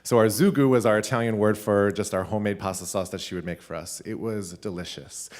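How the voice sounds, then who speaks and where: A man, a teacher, telling a funny personal story live at a school event, animated and laughing between lines. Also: lowish voice, brisk. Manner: animated, laughing, with many "like" fillers.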